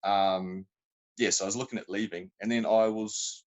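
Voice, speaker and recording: Laid-back New Zealand man, low voice. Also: steady tone, moderate pace, low-quality recording. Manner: rambling, self-interrupting anecdotes with colloquial slang. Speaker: podcast guest. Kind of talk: casual storytelling chat.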